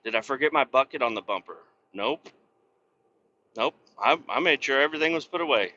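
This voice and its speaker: A man who hosts a podcast, ranting in a casual, profane, sarcastic way while he drives his truck down the highway. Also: lively intonation, fairly quick, sharp tone. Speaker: podcast host. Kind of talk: casual rant while driving. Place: inside a moving truck on the highway. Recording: dull lo-fi sound.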